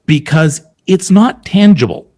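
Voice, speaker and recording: A man's voice: sits high, lively intonation, a little slow, darkish tone. A man hosting a podcast conversation, speaking reflectively and often repeating words as he searches for them. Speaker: podcast host.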